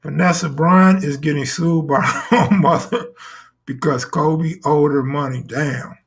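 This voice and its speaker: A man's voice: fairly high pitch, unhurried, vocal fry. A man hosting a live stream in casual talk, full of crude, boastful joking banter.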